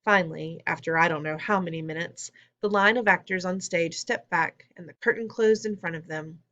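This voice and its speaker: Woman reading a storybook, slightly low. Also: normal speed, fairly bright tone, lo-fi sound. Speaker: audiobook reader. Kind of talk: first-person storybook narration.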